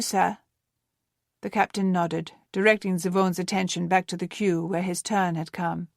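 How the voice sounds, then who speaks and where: A woman narrating a historical novel as an audiobook, in a measured storytelling manner that gently voices the dialogue. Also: fairly low pitch, dry recording, clean studio sound. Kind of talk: scripted narration.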